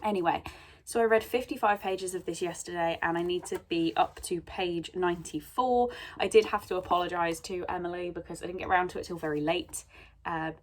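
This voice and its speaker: A woman's voice: lowish voice, fairly even intonation, fairly quick. A young woman vlogging casually about her reading, rambling with lots of ums and a bit sneezy. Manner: chatty, rambling with many ums. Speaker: book vlogger. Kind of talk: casual chat.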